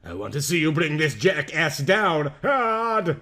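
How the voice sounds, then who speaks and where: A woman's voice: low-pitched, sing-song, measured pace, fairly bright tone, exaggerated voice. A man reading the lines of a brash, hot-headed young woman, in a comic fan-fiction reading.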